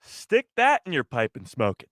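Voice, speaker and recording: A man's voice: medium pitch, wildly swooping pitch, a little slow, fairly bright tone, no echo, studio quality. A young man hosting a casual live stream, talking to his chat in a playful, teasing way and piling up rhetorical questions.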